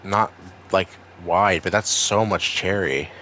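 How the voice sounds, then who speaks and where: A man's voice: deep voice, takes it slowly, sharp tone. Man, Maine accent, gaming streamer, casual rambling chat, swears a lot, faint background hum.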